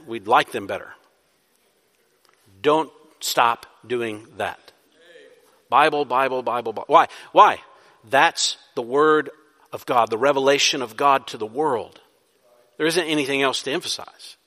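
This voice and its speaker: A man's voice: medium pitch, unhurried, a bit bright. A man, a pastor, preaching a sermon, asking rhetorical questions and building to emphatic bursts. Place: church sanctuary. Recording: long hall reverb.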